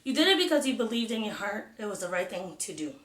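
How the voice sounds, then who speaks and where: Female reader voicing a calm middle-aged mother, low-key and soft, in an echoey room. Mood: earnest. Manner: soft, quiet and measured. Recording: roomy echo.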